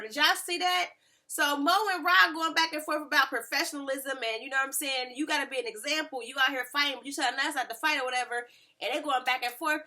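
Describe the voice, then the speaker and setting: A woman, casually recapping a reality show and acting out quotes with lively voices. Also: sits high, fast. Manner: animated, mimics people in quotes. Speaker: reality TV reviewer.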